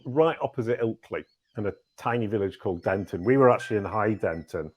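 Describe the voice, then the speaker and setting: A man in his fifties from Yorkshire with a slight Yorkshire accent, a lively, self-deprecating podcast guest. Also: fairly low pitch, a little fast, slightly rough, dull audio. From Yorkshire, England. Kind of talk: casual interview chat.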